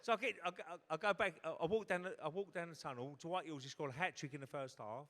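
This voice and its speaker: A middle-aged man tells a comic tale on a ballroom stage, swearing freely and slipping into other people's voices. His voice is bright and a touch high. It rings through a large hall. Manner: swearing, quick punchlines, acts out voices. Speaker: guest storyteller. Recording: hall reverb at a live event.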